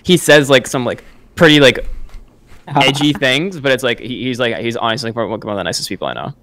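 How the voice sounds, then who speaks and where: A man's voice: medium pitch, fast, fairly bright tone. Rambling young male podcast co-host. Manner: rambling storyteller, heavy filler words, slangy. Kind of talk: casual chat.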